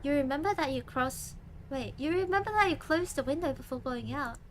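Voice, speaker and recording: A woman streamer playing a horror dating game, reading its text aloud with animated, dramatic reactions. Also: high voice, a little fast, slight background noise.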